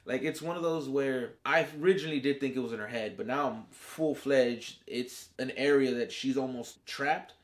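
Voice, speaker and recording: A man's voice: medium pitch, moderate pace, hardly any pauses. A man hosting a casual TV episode review, talking in slang with plenty of swearing and acting out the characters' reactions. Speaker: reviewer and show host.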